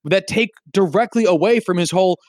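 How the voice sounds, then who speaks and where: A person co-hosting a casual film chat, talking in an animated, incredulous, profane way. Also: medium pitch, a little fast, no room sound, clean studio sound.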